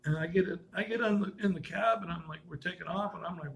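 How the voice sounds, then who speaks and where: A man's voice: on the high side, fairly even intonation, fairly quick, creaky, rough recording. A man casually telling personal stories in a rambling way, restarting and correcting himself and chuckling as he goes.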